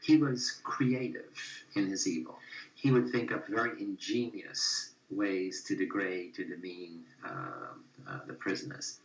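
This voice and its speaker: Older male interviewee, low gravelly voice, intense reflective recollection, roomy sound. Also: animated, measured pace. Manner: reflective, intense storytelling with lists. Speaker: researcher recalling an experiment. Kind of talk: documentary interview. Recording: roomy echo.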